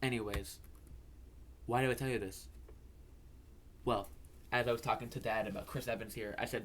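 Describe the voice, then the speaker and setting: A man's voice: medium pitch, steady tone, fairly quick, fairly bright tone. A young man hosting a fantasy football video, telling a story in a rambling way, stammering and repeating words and swearing casually.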